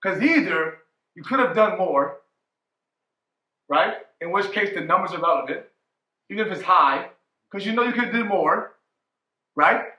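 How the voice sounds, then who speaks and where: A man's voice: sits high, lively intonation, normal speed, long pauses, sharp tone, reverberant. A man in his forties giving a motivational keynote talk as a coach, emphatic, often asking "right?". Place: conference hall.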